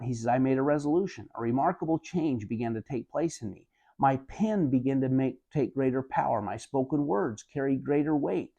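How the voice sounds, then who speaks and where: Motivational speaker, man, gravelly low tone, earnest storytelling, keeps saying "he said". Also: warm tone, lo-fi sound. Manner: retells an anecdote, repeating "he said" often; addresses listeners as "my friends". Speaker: motivational speaker summarizing a book. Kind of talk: earnest spoken book commentary.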